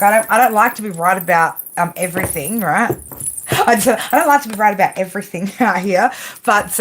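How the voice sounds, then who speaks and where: A tarot reader does a casual livestream reading at home, sitting at a table under a lamp and talking through the cards in a chatty, rambling way, swearing casually. Her voice is fairly low in pitch with a fairly bright tone.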